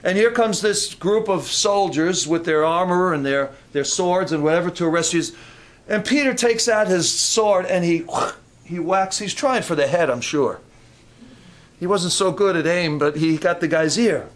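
A man's voice: high voice, moderate pace. A man preaching a conversational sermon with humorous asides and frequent restarts, rising into fervent emphasis.

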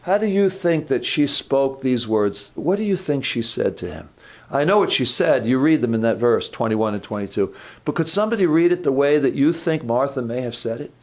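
A man's voice: mid-range voice, lively intonation, moderate pace. A man preaching an informal, conversational sermon, asking the congregation questions, repeating words and correcting himself.

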